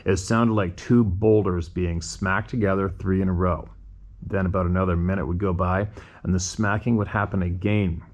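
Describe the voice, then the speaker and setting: A man's voice: low voice, steady tone, moderate pace, muffled recording, slight background noise. A man hosting a show, reading listener emails aloud and breaking off to muse on them in a conversational way with rhetorical questions.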